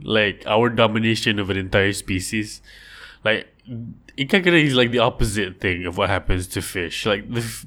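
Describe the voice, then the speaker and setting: A man chats casually on a livestream, his voice sitting a little low. He rambles and jokes through listener questions and slips into silly voices to act out small scenes. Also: fairly bright tone.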